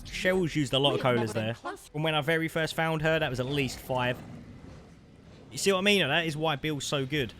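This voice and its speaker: A man giving live commentary over his gameplay, chatty and excitable, calling the listener mate. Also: on the high side, normal speed. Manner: excitable, bursts into loud shouts at big plays. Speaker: gaming streamer. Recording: noisy background.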